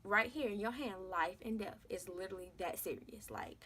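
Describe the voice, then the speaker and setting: A woman's voice: mid-range voice, moderate pace, bright, forceful tone, breathy edge. Young woman, vlogger, emphatic and conversational storytelling. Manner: emphatic, conversational, slangy, repeats phrases for stress. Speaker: vlogger, mother sharing her birth story. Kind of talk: candid storytelling to camera.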